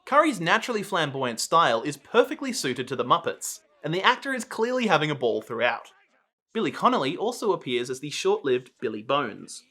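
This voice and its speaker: Man, scripted video essay narration, bright tone, lively pitch. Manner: clear, measured reading. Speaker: video host.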